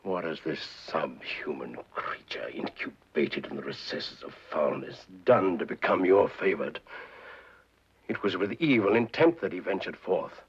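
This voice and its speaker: A pompous, scheming Devil. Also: male voice, low-pitched, animated, unhurried, husky, heavily acted. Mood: indignant. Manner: florid, grandiloquent phrasing, wheedling. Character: pompous, scheming male Devil, proud and florid. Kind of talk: 1940s film acting. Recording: muffled 1940s film soundtrack.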